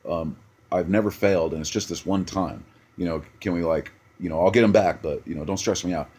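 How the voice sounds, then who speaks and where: A defensive villain, played by a man, pleading casually with his boss to go easy on him. The voice is low and husky. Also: a little fast, darkish tone.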